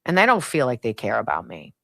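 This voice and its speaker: A middle-aged woman hosts talk radio in a low voice that leaps into high, excited bursts and drops to quiet, muttered asides. She is sarcastic and laughs often. The sound is dry and close, with no room echo. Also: quick pace, vocal fry. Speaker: radio show host. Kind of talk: opinionated talk radio monologue and host-read ad.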